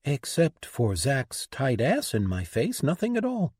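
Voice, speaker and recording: A man's voice: mid-range voice, huge pitch swings, measured pace, a little mellow, slightly rough, no room sound, studio quality, exaggerated voice. A man reading an audiobook, voicing a blunt, teasing young woman in a raised, mocking voice.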